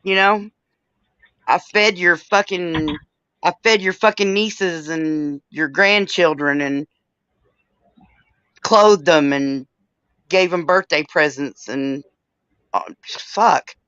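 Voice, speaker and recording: A woman's voice: deep voice, slow pace, long pauses, fairly bright tone, smooth, no room sound. A plain-spoken woman chats casually on a livestream, swearing without a second thought and laughing often. Her voice comes through a dull, dry, lo-fi stream mic. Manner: blunt, profane, laughs easily. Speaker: livestream host.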